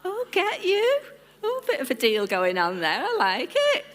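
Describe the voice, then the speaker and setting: A woman from her church's lead team gives an informal sermon in an extremely high, bright voice that swoops wildly in pitch. Unhurried, playful and chatty, she calls on members of the congregation by name.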